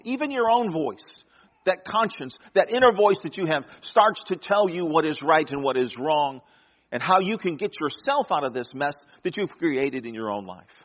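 A man preaching a sermon, swinging between loud, emphatic lines and hushed, quiet ones. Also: a little high, lo-fi sound.

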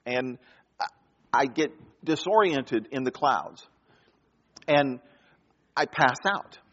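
A man preaching a sermon, telling a story with dramatic pauses and soft drops in his voice. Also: medium pitch, lively intonation, long reverb tail, muffled recording. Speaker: pastor.

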